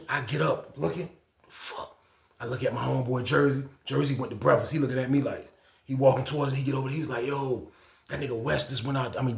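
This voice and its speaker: A man telling a prison story in casual slang, acting out the people he quotes with loud shouts. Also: medium pitch, creaky, roomy sound.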